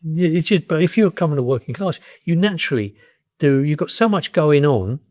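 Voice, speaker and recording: A man's voice: fairly high pitch, animated, brisk, a little mellow. An older man, a veteran of advertising, talking bluntly and plainly as a guest in a podcast interview. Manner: blunt, plain-spoken, repeats words when starting.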